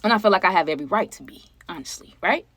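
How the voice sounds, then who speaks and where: A woman chatting casually to her viewers as she tells a personal story, animated and conversational, often asking them for their opinions. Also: fairly low pitch, racing, no room sound. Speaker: storytime vlogger.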